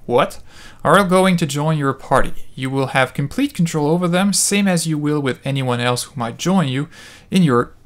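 A man's voice: on the high side, normal speed, natural voice. A man reading a male warden's lines in his own voice, matter-of-fact and skipping ahead. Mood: explaining. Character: male gate warden instructor.

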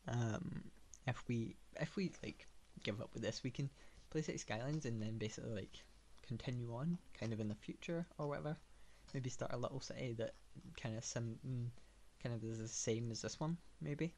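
A man's voice: medium pitch, moderate pace, few pauses, darkish tone, slight background noise. Man rambling through gameplay. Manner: meandering, thinking aloud with many fillers; dry sarcastic asides. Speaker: gamer. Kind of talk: casual gameplay commentary.

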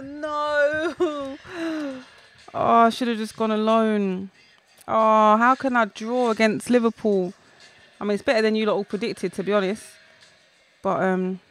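A young woman reacting out loud while playing a football video game, shouting, groaning and talking to people in the room. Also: a little high. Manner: talks back to people in the room. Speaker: gaming YouTuber.

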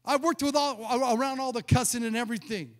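A man's voice: very high voice, quick pace, a bit bright. A middle-aged man, a pastor, preaching and telling a story, acting out the dialogue and often repeating his words. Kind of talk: sermon with storytelling. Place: church. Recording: long church reverb.

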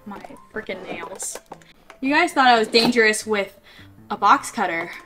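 A woman vlogger chatting excitedly to her viewers as she unboxes collectible toys, gushing and struggling with the packaging. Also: mid-range voice, measured pace, soft background music. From California, USA. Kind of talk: casual unboxing vlog.

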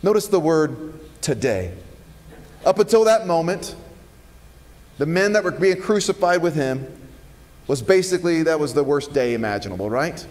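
A pastor preaching a sermon in a church, earnest and emphatic with dramatic pauses. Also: male voice, a little high, a little mellow, big-room sound. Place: church sanctuary.

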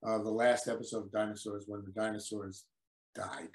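A man's voice: lowish voice, normal speed. An older man, a veteran actor, telling stories in a casual interview and acting out old quotes. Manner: animated storyteller, acts out quotes. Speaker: guest actor. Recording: echoey room.

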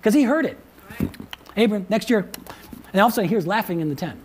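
Husky guy pastor preaching in church, chatty, keeps asking the crowd stuff, says things twice. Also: high voice, animated, quick pace. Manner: conversational, repeats phrases, quizzes the congregation. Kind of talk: sermon.

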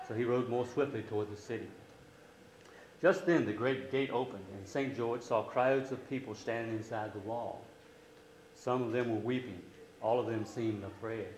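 A man reading a storybook aloud to a class, steady and expressive, lifting his voice for quoted lines. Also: mid-range voice, roomy sound, a little hiss or hum, rough recording.

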